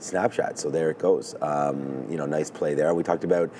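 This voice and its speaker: A man with a low, dark voice worn hoarse after a weekend of yelling. He rambles casually from small talk to stock moves as a live market co-host, with a faint hiss of background noise. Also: fairly even intonation, normal speed. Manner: chatty, rambling, jumps between topics. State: hoarse, lost voice.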